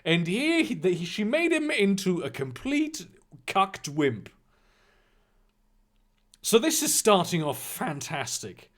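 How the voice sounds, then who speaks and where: Dude reading bad fanfic out loud and roasting it, high voice, crude and sarcastic, pitch all over the place. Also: male voice, sing-song, slow pace, long pauses. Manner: sarcastic, crude, swears often. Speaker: reader and commentator. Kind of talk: reading fan fiction aloud with mocking commentary.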